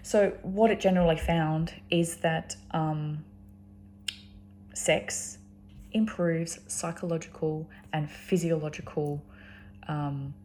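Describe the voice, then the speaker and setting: A woman's voice: deep voice, steady tone, slow, darkish tone, a little hiss or hum. An Australian woman talking casually and rambling, with lots of ums and restarts. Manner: frequent ums and restarts, chatty. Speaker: vlogger.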